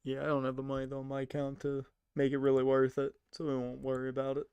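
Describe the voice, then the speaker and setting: A man's voice: mid-range voice, monotone, quick pace, darkish tone, clean tone, no room sound. A young man rambling casually to his chat while streaming a game. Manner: rambling, chatty, talks to chat.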